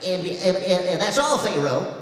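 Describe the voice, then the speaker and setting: A man tells comic stories from a stage, his fairly high voice rising and falling with animated energy. He is heard from across a big echoey hall, with a crowd and steady room noise behind him. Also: moderate pace, far from the mic. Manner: animated storyteller slipping into character voices. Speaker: voice actor giving a speech. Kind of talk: comedic keynote speech with impressions. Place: large hall before an audience.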